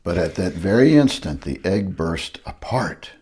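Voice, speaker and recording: Brief: grandpa reading a rhyming storybook, slow and unhurried, swooping lively pitch. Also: male voice, husky. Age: older. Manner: sing-song storybook reading. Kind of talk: reading a picture book aloud.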